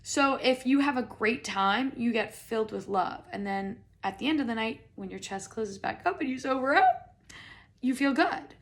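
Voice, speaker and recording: A young American woman hosting a podcast, telling a comedic story in a chatty, animated way with lots of "like" and some swearing. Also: on the high side, moderate pace. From United States. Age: young adult. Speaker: podcast host.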